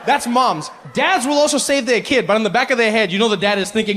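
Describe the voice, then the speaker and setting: A man doing stand-up storytelling in a big theater, animated and jumping between voices. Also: extremely high pitch, quick pace. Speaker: stand-up comedian. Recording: live hall with long reverb.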